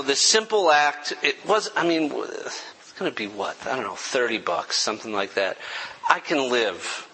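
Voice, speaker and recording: A young man delivers a heartfelt sermon story in a bright, forceful voice, pitched a little above the usual male range. He speaks earnestly and pokes fun at himself, and his voice catches with emotion. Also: in a large hall, a little hiss or hum, poor audio. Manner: earnest, self-deprecating, chokes up with emotion. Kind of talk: sermon testimony.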